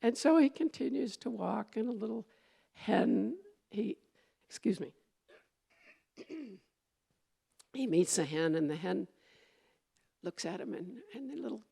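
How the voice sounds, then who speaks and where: Gravelly-voiced woman giving a casual sermon. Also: mid-range voice, animated, measured pace, long pauses, warm tone. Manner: conversational and meandering, with fillers and restarts. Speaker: minister.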